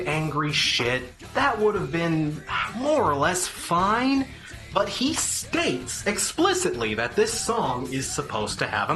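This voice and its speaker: A man's voice: fairly high pitch, bright, forceful tone. A man giving an opinionated, sarcastic review of a song, exasperated and crude in his wording. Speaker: music reviewer.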